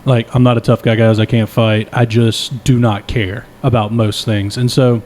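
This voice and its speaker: Mellow-voiced young man telling a story. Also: medium pitch, moderate pace, a little hiss or hum. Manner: animated, profane, rambling anecdote; self-deprecating, laughs often. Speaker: podcast co-host. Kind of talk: casual storytelling chat.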